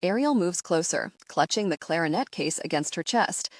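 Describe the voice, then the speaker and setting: Woman reading an audiobook, kinda low voice, soft and measured, dry close mic. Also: expressive, dry recording. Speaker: audiobook narrator. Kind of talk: first-person audiobook narration.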